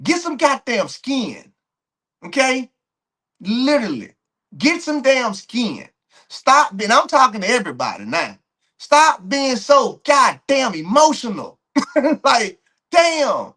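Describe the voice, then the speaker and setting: A male host of a track and field commentary show, speaking in a high voice. He rants bluntly at his audience, tumbling through restarts and repeated words with a lively, swooping delivery. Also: slow pace. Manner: heated, blunt, repeats words and restarts often, laughs between points. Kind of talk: ranting commentary to camera.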